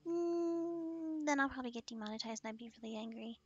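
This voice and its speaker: A woman's voice: sits high, brisk, slightly rough, highs cut off. A woman from the United States hosting a casual gaming stream, giggling often and teasing playfully. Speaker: streamer host.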